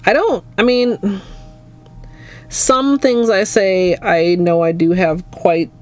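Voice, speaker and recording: A woman from Minnesota with a Minnesotan accent, chatting softly and rambling to her livestream chat. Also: medium pitch, steady tone, takes it slowly, faint music behind. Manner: soft-spoken and rambling, talking to chat. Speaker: nail art streamer.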